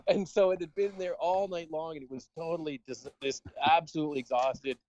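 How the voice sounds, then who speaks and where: A man's voice: a little high, fairly even intonation, fairly quick, darkish tone, dull audio. A man, a podcast co-host, telling a long, rambling story in casual chat and laughing as he goes. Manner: rambling anecdote, laughing often.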